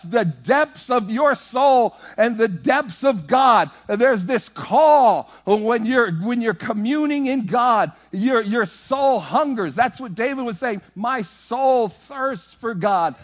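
A man preaching a sermon, animated and rhythmic, moving from loud, half-sung exclamations to hushed storytelling. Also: very high-pitched, slow.

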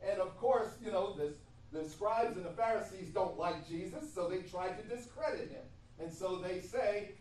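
Brief: male pastor, high voice, repeats key lines for emphasis, many "uh"s, heard from across a very echoey church hall. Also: moderate pace, hardly any pauses, darkish tone, slight background noise. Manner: repetitive, emphatic preaching with many hesitations. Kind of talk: sermon. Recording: echoey room from far off.

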